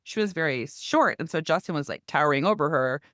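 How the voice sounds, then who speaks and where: A middle-aged woman co-hosting a podcast, telling a long story in a lively, chatty way. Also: deep voice, brisk, no room sound, clean studio sound. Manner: lively storytelling, acts out quoted neighbors. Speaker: podcast co-host. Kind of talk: casual chat.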